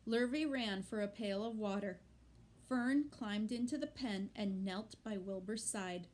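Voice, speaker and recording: A woman reading a children's novel aloud with slow, deliberate narration. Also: medium pitch, darkish tone. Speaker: reader.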